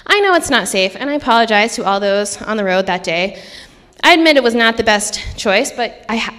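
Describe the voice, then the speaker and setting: A young woman with an Upper Midwest accent recounts a personal story on a live stage. Her voice sits a little high and stays loose and conversational, full of fillers. The hall adds a long reverb. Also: expressive, moderate pace, pauses often, a bit bright. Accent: Upper Midwest American. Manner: conversational, many ums and likes.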